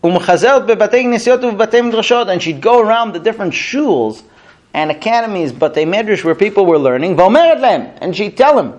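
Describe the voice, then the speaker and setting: A man's voice: high-pitched, sing-song, rapid-fire, a little mellow, lo-fi sound. A man teaching a Talmud class to students, telling a story animatedly and acting out the quotes. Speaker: Torah teacher.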